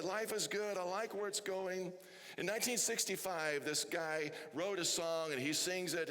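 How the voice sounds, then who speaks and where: Man, pastor, sermon, high voice, long church-hall reverb. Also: pushed and bright. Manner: chatty, asks the crowd questions.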